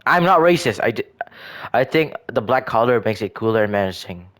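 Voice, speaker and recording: A man's voice: lowish voice, fairly quick. A man giving casual, rambling commentary on his own game builds, often stumbling and restarting his sentences. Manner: rambling, hesitant, frequent restarts and self-corrections. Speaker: gaming video creator.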